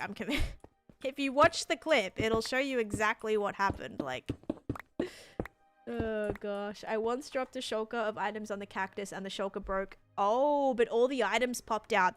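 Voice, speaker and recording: Streaming a game live, this young woman rambles through relaxed gameplay talk, answering viewers with lots of filler words and patiently explaining more than she needs to. Her voice sits in the mid range with a fairly bright tone.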